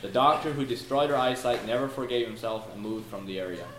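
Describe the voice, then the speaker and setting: Preacher, male, mid-pitched, homespun sermon delivery, roomy echo, noisy background. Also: brisk, a bit bright. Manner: folksy, storytelling delivery with prayers and verses. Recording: echoey room with noise.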